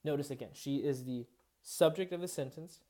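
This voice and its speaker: A man's voice: on the high side, normal speed, mellow. A man giving a recorded college English lecture, explaining patiently and thinking aloud with frequent fillers and restarts.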